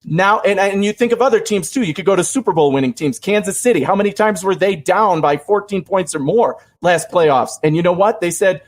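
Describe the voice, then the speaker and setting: A man's voice: sits high, fairly quick, hardly any pauses. A man in a casual sports podcast, making an earnest argument. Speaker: podcast co-host.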